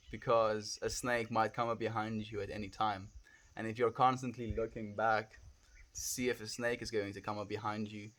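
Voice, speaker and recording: A South African man with a fairly low voice chats casually on a late-night livestream, rambling softly with many fillers and calling viewers "friend."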